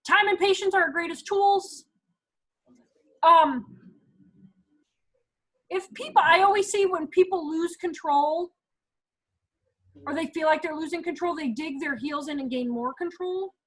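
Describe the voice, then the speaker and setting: A woman's voice: very high voice, a bit bright, rough recording. A woman in her thirties leading a casual parenting talk, chatty and acting out little quotes as she goes. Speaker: parenting group leader.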